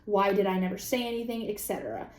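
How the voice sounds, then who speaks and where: A young woman vlogger chatting casually, reacting to online posts in an animated, profane way with sudden high-pitched outbursts. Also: quick pace, roomy sound. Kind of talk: casual chat.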